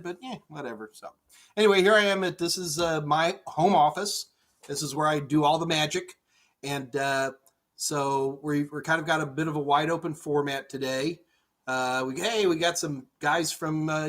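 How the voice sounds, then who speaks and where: A middle-aged male tech instructor answers chat questions on a live stream from his home office. His voice sits a little on the high side, and his delivery is energetic, loose and full of fillers. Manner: energetic, chatty, rambling with many fillers. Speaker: IT certification instructor.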